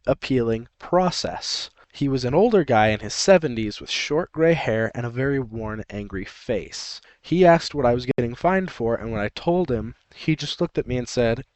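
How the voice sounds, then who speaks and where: A man's voice: medium pitch, lively intonation, moderate pace, few pauses, darkish tone, no room sound. A man co-hosting a comedy podcast, reading a story aloud and riffing with jokes and laughter. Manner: laughs often, riffs on jokes.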